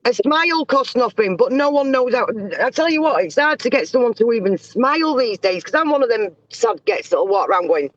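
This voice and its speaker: A woman's voice: fairly high pitch, lively intonation, brisk, few pauses, no room sound. Outspoken British woman, blunt and sweary. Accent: British English. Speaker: host. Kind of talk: casual podcast chat. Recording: dry, dull lo-fi sound.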